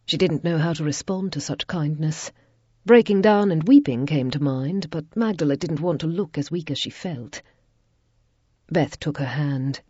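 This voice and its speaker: A woman reading a romance audiobook in a measured, even narration. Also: sits low, slightly rough, no echo. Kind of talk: scripted narration. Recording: dull lo-fi recording.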